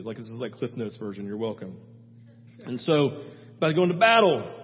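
A man preaching a sermon as a pastor, storytelling in an animated way, acting out biblical figures and swinging between loud and soft. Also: mid-range voice, brisk. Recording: muffled sound with long hall reverb.

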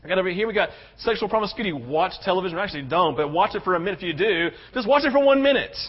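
Guy preaching a sermon, kinda high voice, gets loud then goes real quiet, dull lo-fi recording. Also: animated, rapid-fire, slightly rough. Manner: impassioned, swings from loud urgent to hushed and tender. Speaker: pastor. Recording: dull lo-fi sound.

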